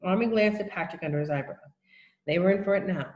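A woman's voice: fairly low pitch, roomy sound, highs cut off. Woman reading a children's novel aloud. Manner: plain, unhurried narration with small slips. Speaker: reader.

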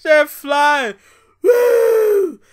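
A man doing a mocking impression of a boastful old male wrestling star, shouting catchphrases in a high, strained voice. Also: lively intonation, very slow, exaggerated voice.

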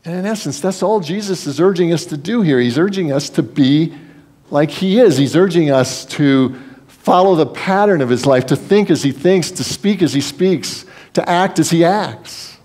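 A man's voice: on the high side, normal speed, a little mellow. A man preaching a sermon as pastor, earnest and conversational, with folksy asides.

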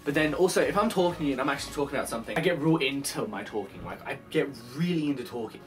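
A young man vlogging from his bedroom in a casual rambling monologue, animated, swearing a lot and acting out the voices of phone calls. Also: mid-range voice, rapid-fire, faint music behind.

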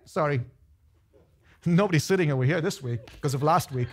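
A man pastor preaching a lively sermon to his church, acting out voices of the people in his stories. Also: fairly high pitch, fairly quick, pauses often. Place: church sanctuary.

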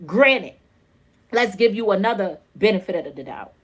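A woman's voice: mid-range voice, lively intonation, normal speed, husky. A woman in her thirties, a mother venting in an exasperated, repetitive, pleading way in a vlog rant.

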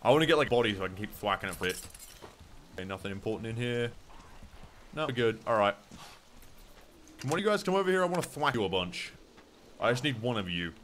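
A man's voice: mid-range voice, big pitch swings, fast talker, pauses often, fairly bright tone, slight background noise. Chatty Australian man gaming. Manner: chatty, swears, reads chat aloud. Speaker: gaming streamer. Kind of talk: casual gameplay commentary.

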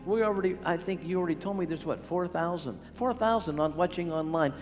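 An older healing evangelist from the Pittsburgh area of the USA preaches a revival sermon, exhorting and calling out to the crowd. His voice sits high and moves briskly, recorded in a large, reverberant church sanctuary with music.

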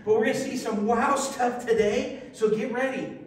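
A pastor with a high, bright voice preaches at normal speed in a very echoey church sanctuary, heard from far off with faint hiss. He reads scripture aloud and repeatedly stops to lead the congregation in call-and-response. His lively, exclamatory delivery includes teasing asides to the room.

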